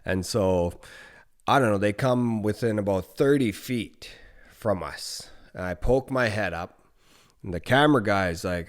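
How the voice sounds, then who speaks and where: A man in his thirties from northern Canada tells a long story as a podcast guest, his voice sitting very low. He talks loosely and profanely and often restarts his sentences. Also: unhurried. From Nunavut, northern Canada. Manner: relaxed, profane, rambling with restarts. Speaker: podcast guest, former hockey player. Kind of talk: casual storytelling.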